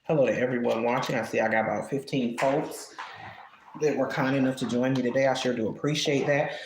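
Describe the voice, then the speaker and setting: A chatty, expressive livestream host, talking casually at home while coloring and often sighing. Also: medium pitch, fairly quick, background noise. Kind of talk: casual live-stream chat while coloring. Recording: roomy echo.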